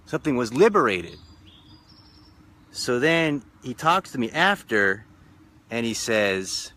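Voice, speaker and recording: A man's voice: medium pitch, big pitch swings, takes it slowly, long pauses, pushed and bright. A man who leads spiritual retreats, giving a reflective live-stream talk with repetitive, emphatic, rhythmic phrasing. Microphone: phone or webcam live stream.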